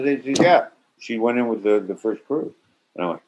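An older man on a video call telling an animated anecdote, acting out quotes with swearing and sudden loud bursts. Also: medium pitch, normal speed, a little hiss or hum. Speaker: actor interview guest. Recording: slightly muffled video-call audio.

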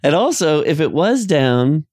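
A man's voice: fairly high pitch, big pitch swings, unhurried, a little mellow, dry recording, clean studio sound. A man co-hosting a podcast in casual chat, playful and rambling, often laughing. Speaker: podcast co-host.

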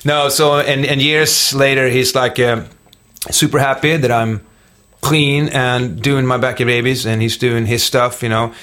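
A man's voice: medium pitch, steady tone, measured pace, sharp tone. A middle-aged man with a Swedish accent, a rock musician guest telling stories in a casual interview, rambling along with many fillers and restarts. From Sweden.

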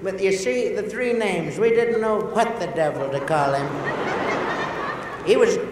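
A comedian playing a mischievous old lady who talks slowly in a high, quavering folksy voice. The sound comes from far off in an echoey hall with a long reverb and steady noise behind it. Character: wacky old woman, gossipy and mischievous. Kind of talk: comedy character interview.

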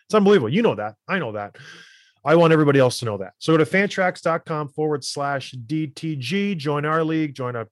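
A man's voice: a little high, animated, a little fast, no echo, studio quality. Fired-up man hosting a podcast. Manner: fired-up, emphatic ranting. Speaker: podcast host, former hockey player. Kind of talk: casual chat and ad read.

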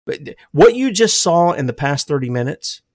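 An older man preaching an impassioned sermon. He swings between loud, emphatic declarations and low, hushed drops, and says he is emotional. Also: sing-song, normal speed, no echo.

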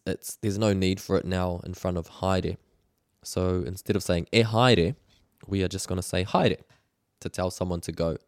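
A man's voice: low-pitched, darkish tone, dry recording, studio quality. A man giving a casual spoken language lesson, patient and explanatory, with frequent fillers and repeated words. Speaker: language teacher.

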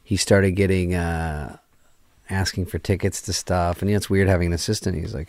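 A man's voice: low-pitched, a little fast, no room sound, clean studio sound. A middle-aged man telling a story in casual, profane talk, acting out the voices of the people in it. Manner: animated, profane, acts out quoted voices. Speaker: guest comedian. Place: garage studio.

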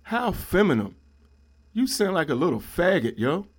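A man's voice: sits high, sing-song, normal speed, husky. A middle-aged man hosting a solo podcast, ranting in a blunt, preachy way and leaning on "man" and "yo". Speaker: podcast host.

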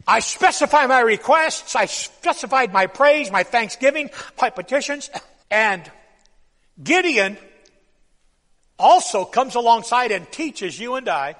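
A man preaching a sermon, swinging from loud bursts to hushed drops and having the congregation repeat phrases after him. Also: very high-pitched, lively intonation, a little slow. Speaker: pastor. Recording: long hall reverb.

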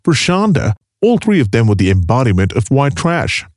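Expressive male storyteller, dry close sound. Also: medium pitch, moderate pace, no echo. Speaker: narrator. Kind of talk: storytelling narration.

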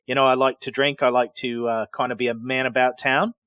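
A man's voice: mid-range voice, level tone, brisk, a bit bright, clear, resonant tone, dry recording, clean studio sound, natural voice. A man voicing a chatty old man who tells him about his younger days, with a friendly, folksy way of talking. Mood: reminiscing.

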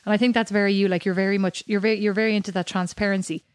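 A woman co-hosting a podcast, chatting in an animated way with many restarts. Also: mid-range voice, very fast, dry recording. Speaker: podcast co-host. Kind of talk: casual chat.

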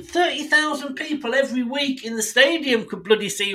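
Fired-up, high-voiced Englishman ranting. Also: fairly quick, sharp tone, slight background noise, low-quality recording. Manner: indignant, sweary, speaks straight at the club owners. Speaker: football fan podcast host. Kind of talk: solo podcast rant.

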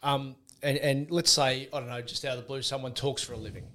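A man's voice: mid-range voice, fairly even intonation, fast talker, sharp tone. A man hosting a casual radio chat, teasing and wry.

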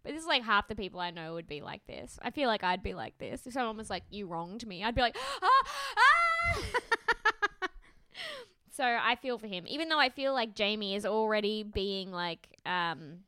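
A woman's voice: medium pitch, animated, a little fast, sharp tone, smooth. A woman co-hosting a podcast, chatting casually about a reality dating show, with sarcastic asides and frequent giggles. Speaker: podcast co-host.

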